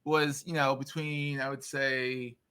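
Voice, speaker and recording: A man hosting a podcast interview, joking and quick to affirm his guest in casual chat. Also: medium pitch, little pitch movement, bright, forceful tone, clear, resonant tone. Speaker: podcast host.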